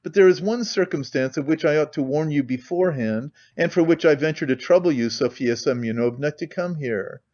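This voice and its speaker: A man's voice: on the high side, a little mellow, highs cut off, lightly acted. A man reading a pompous, formal older suitor. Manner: measured, formal, hedging phrases.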